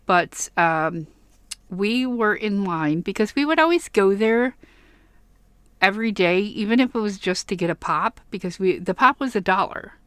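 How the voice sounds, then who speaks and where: A woman's voice: medium pitch, expressive, normal speed, fairly bright tone, clean tone, no room sound. A woman from Michigan rambling chattily through a casual plushie haul vlog in her bedroom, with frequent ums. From Michigan, USA. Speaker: vlogger.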